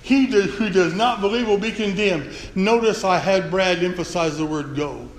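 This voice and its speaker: High-voiced preacher in an echoey hall. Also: male voice, moderate pace. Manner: folksy, earnest, emphatic. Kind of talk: sermon. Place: church sanctuary. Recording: echoey church hall, faint room noise.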